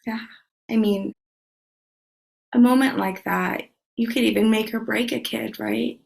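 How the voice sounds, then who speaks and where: A woman's voice: a little high, fairly even intonation, a little slow, creaky, darkish tone, poor audio. A woman from Louisiana hosting a podcast, chatting casually and telling stories with plenty of fillers. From Louisiana, USA. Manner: chatty storyteller, many fillers. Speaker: podcast host. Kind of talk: casual chat.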